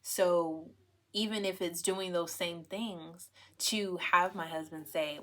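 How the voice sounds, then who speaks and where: A woman's voice: lowish voice, steady tone, slow pace, sharp tone. A young adult woman hosting a podcast, talking in a casual, emphatic way and often checking in with "right?" and "okay?". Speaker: podcast host. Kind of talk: casual solo podcast talk.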